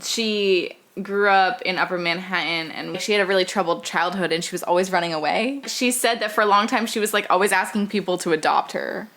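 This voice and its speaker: A woman's voice: fairly low pitch, a little fast, few pauses, a bit bright. A woman co-hosting a podcast, chatting casually about a film and filling her talk with "like" and easy laughter. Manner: chatty, uses many filler likes, laughs often. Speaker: podcast co-host.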